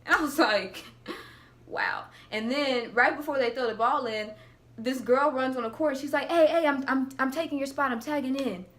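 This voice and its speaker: Bubbly bright-voiced young woman storyteller. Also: sits high, brisk. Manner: animated, laughing, acts out quotes. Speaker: vlogger. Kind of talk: casual storytelling.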